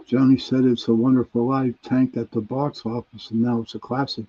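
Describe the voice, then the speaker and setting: This is an easygoing radio chat host from Pittsburgh, judging by his accent, who chuckles while reading out what listeners sent in. His warm, medium-pitched voice moves little in pitch at a normal speed, and the recording is dull lo-fi.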